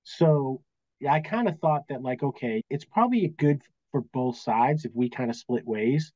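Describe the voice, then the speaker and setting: A fifties-aged man from Massachusetts with a Boston accent, a business valuation accountant, guests on a casual interview and tells anecdotal work stories, acting out the dialogue. His mid-range, slightly mellow voice is animated yet measured. The audio is dull, with no room sound.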